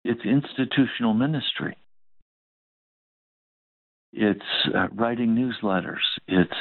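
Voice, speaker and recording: A man's voice: lowish voice, no echo. A male pastor preaching a sermon, telling a story and acting out both sides of the dialogue. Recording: dry, phone-like narrow sound.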